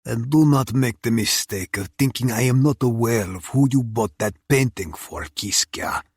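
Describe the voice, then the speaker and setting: A man's voice: mid-range voice, normal speed, husky, no echo, studio quality, voice pushed up. A man voicing a cold, taunting, middle-aged male crime boss in an audiobook. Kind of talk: audiobook character voice.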